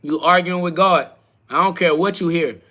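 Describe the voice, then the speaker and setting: A man's pushed, bright voice moves at a moderate pace as he hosts a live self-talk podcast. He preaches through short slogans he repeats, counters quoted critics with crude slang, and lets his voice crack up into high shrieks when things heat up.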